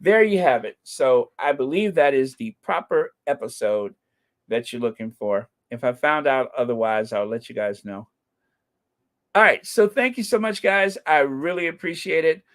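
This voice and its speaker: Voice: medium pitch, expressive, moderate pace. A middle-aged channel host chatting casually on a livestream, playful and given to mock outrage.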